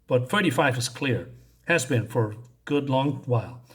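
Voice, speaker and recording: A man's voice: medium pitch, expressive, normal speed, husky, pitched below the performer's own voice. A man voicing an unhinged, cheerful young woman who talks in a falsely sweet, sing-song way. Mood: teasing.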